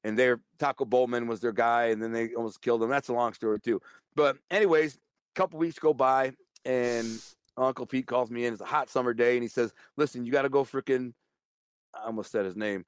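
A man's voice: mid-range voice, fairly even intonation, fairly quick, clear, resonant tone, dry recording, clean studio sound. A man telling a blunt, streetwise story as an interview guest. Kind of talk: casual storytelling.

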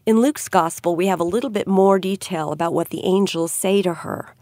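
A middle-aged woman giving an earnest devotional Bible teaching, gently putting questions to her listeners. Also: fairly low pitch, a little fast, no room sound, clean studio sound.

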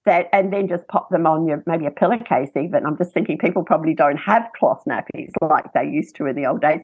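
Husky low woman, chatty. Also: a little fast, no echo, narrow, tinny audio. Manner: chatty, practical, tells anecdotes. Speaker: breastfeeding expert guest. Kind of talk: casual interview chat.

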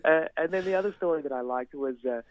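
A man's voice: on the high side, fast talker, no echo. A man with an Australian accent, a newspaper columnist, telling stories with amused chuckles. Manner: amused, storytelling, laughs while telling. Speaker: newspaper columnist, regular guest. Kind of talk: casual radio chat. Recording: tinny phone line, dry.

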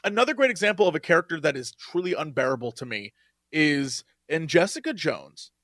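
A man with a high voice co-hosts a casual podcast chat and complains emphatically. His pitch swings widely, and the sound is dry and close. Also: big pitch swings, fairly quick, fairly bright tone, no echo. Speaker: podcast co-host.

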